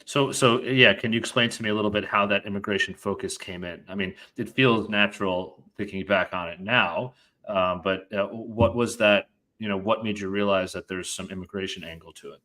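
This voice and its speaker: A male podcast host with a very low voice asks his guest questions in a relaxed interview. He hesitates and restarts often, feeling his way toward each question. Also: a little fast. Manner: hesitant, with many fillers and restarts.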